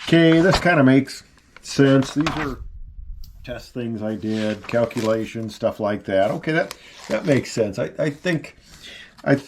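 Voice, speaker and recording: A man's voice: medium pitch, animated, a little slow, background noise. An older man in his seventies, a retired pilot and engineer, chatting casually through a tour of his home, rambling with many fillers and self-deprecating asides. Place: at home, in his house and attic office.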